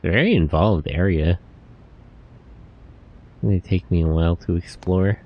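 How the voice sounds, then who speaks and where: A man's voice: low voice, a little slow, pauses often, warm tone. A man streaming a video game, rambling to himself in a casual, playful way about what he sees. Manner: rambling, self-talking, playful. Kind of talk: casual gameplay commentary.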